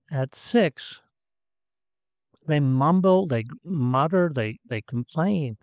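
Male pastor, sermon delivery, earnest with repetitions, mid pitch, dry close recording. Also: dry recording. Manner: earnest, repeats words, swings between emphatic and soft.

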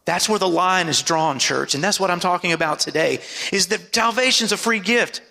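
Gravelly high-voiced preacher in a reverberant hall. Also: male voice, normal speed, sharp tone. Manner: preaching with call-and-response asides and dramatic drops in pitch. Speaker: pastor. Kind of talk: sermon.

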